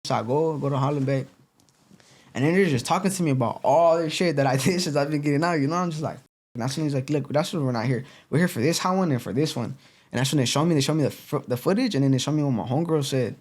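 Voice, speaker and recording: A young man, a podcast guest telling his story in casual street slang, full of "you know" and "boom.". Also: fast talker, darkish tone. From East Los Angeles.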